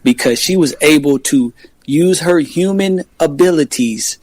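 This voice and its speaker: A man's voice: fairly high pitch, a little slow, a crowd in the background. A man co-hosting a talk show, arguing combatively in a heated debate and demanding to finish his point. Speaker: co-host.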